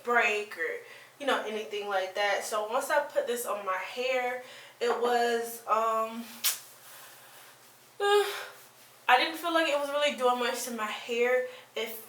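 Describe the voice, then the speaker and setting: A woman's voice: fairly high pitch, lively intonation, slow, long pauses, fairly bright tone, distant mic. Chatty woman reviewing, roomy and off-mic. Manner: chatty, rambling, with many fillers and restarts. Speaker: beauty vlogger. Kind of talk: casual product review.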